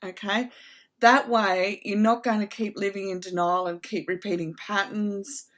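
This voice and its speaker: A middle-aged woman giving an earnest, heartfelt reflective talk to camera, slow and emphatic. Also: mid-range voice, steady tone, fairly bright tone. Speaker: trauma recovery channel host.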